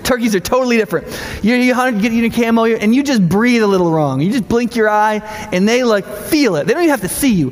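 A middle-aged male pastor preaching a sermon in a lively, conversational way, full of rhetorical questions. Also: very high-pitched, fast talker, few pauses, long reverb tail.

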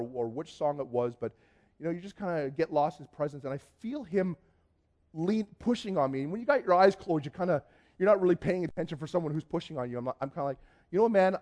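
A man from Canada, telling a personal testimony in a lively storytelling way, acting out dialogue and often restarting his sentences. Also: fairly high pitch. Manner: lively, acts out dialogue, frequent restarts and repeated words. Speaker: speaker giving a personal testimony.

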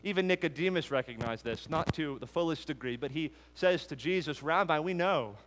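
A male preacher delivers an expository sermon from a church sanctuary, his fairly high voice rising through emphatic lists before falling quiet and low. Long reverb from the hall trails each phrase. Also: brisk, a little hiss or hum. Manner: emphatic, building lists to a peak then dropping low.

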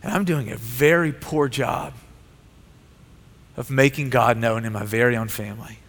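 A man's voice: medium pitch, fairly even intonation, moderate pace, a bit bright. A male pastor preaching a sermon with an earnest, repetitive cadence. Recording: long hall reverb.

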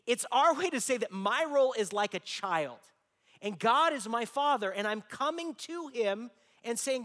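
A man in his forties delivers a sermon in a notably high voice. He mixes personal stories and light humor with rhetorical questions. His voice rings out with a long reverb, as if in a large hall. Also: expressive, normal speed, a bit bright. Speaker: pastor.

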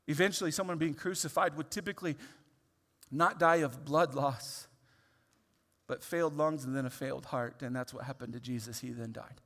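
A man, a pastor, delivering a sermon that moves from quiet reflection to loud, pleading emphasis. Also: fairly high pitch, moderate pace, in a large hall.

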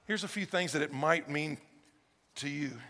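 A man serving as pastor preaches at a moderate pace in a high-leaning voice that is pushed and bright. He talks conversationally, putting rhetorical questions to the congregation, and the recording carries a long hall reverb.

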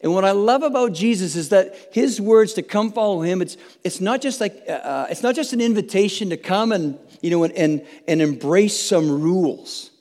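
High-voiced preacher in a reverberant hall. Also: male voice, animated, normal speed, hardly any pauses, darkish tone. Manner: earnest, chatty, with frequent restarts and tag questions. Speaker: pastor. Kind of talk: conversational sermon. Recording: long reverb from a large hall.

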